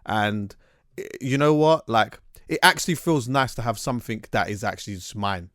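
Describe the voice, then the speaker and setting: A man hosting a casual chat, telling stories in an animated, slangy way with many restarts. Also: lowish voice, moderate pace, dry recording, clean studio sound.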